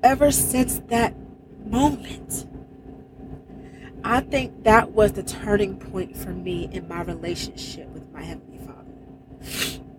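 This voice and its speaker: A woman's voice: fairly low pitch, unhurried, noisy background. A woman, a truck driver, telling a personal faith story in casual, emphatic speech with exclamations. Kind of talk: casual spoken testimony.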